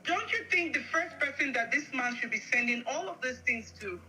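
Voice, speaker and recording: A woman's voice: high voice, expressive, brisk, pushed and bright, rough recording. A woman co-host in a talk show discussion, emphatic, pressing her point with rhetorical questions.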